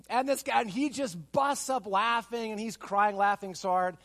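High-voiced pastor telling a sermon story. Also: male voice, unhurried. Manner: animated storytelling, repeated rhetorical questions.

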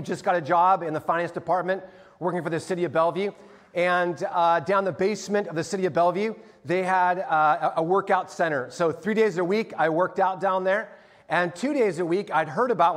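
High-voiced pastor preaching in a reverberant hall. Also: male voice. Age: middle-aged. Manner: storytelling, animated when acting out scenes. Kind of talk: sermon. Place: church sanctuary.

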